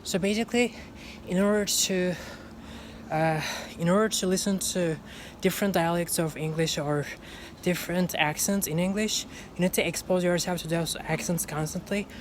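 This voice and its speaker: A woman with a low voice talks through a casual vlog as an English learner. She leans on fillers and restarts as she goes, and there is faint noise behind her. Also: normal speed. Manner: repeats film lines aloud to practice, many fillers.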